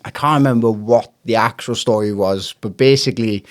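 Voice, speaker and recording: A man's voice: lowish voice, moderate pace. A man tells a sweary story in casual pub podcast chat.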